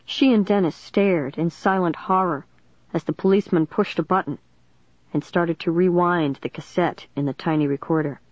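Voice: medium pitch, fairly even intonation, moderate pace, no room sound. Dry, muffled first-person audiobook narration. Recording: dry, dull lo-fi recording.

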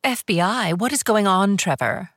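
A man doing a shaken, high-voiced wealthy wife. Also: animated, moderate pace, fairly bright tone, no room sound, clean studio sound. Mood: alarmed. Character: distraught middle-aged woman, wealthy wife. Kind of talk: audiobook character voice.

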